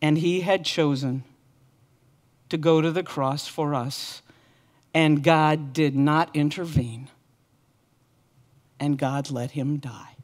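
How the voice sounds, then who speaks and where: Slow, earnest woman pastor preaching. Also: low voice, fairly even intonation, a little mellow. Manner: earnest, impassioned repeated lament. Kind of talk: sermon.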